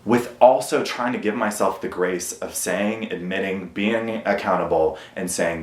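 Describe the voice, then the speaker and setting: A man talks straight to his camera at home in a candid, confessional monologue, earnest and hard on himself, with frequent swearing. His voice sits a little low, and the room gives it a noticeable echo. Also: unhurried, few pauses. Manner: earnest and self-critical, swearing often. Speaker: vlogger.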